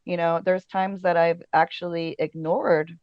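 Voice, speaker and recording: A casting director appears as a podcast guest in a casual interview, chatting and telling stories in a loose, easygoing manner with lots of fillers and frequent quick laughs. Her mid-pitched voice stays steady, and the recording is dry and slightly dull, like a modest podcast rig.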